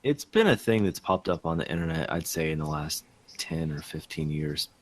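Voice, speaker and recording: A man's voice: very deep voice, lively intonation, normal speed. A man on a casual podcast, telling a story in a meandering way with many fillers. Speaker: podcast co-host.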